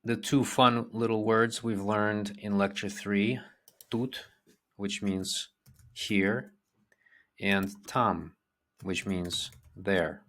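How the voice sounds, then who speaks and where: A man giving a language lesson, explaining slowly with fillers and restarts. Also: lowish voice, flat delivery, a bit bright. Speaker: language teacher. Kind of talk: lecture.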